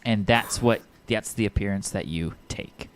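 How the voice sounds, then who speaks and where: A man's voice: lowish voice, moderate pace, slight background noise. A man running a tabletop game as game master, describing scenes in an easygoing way with filler words.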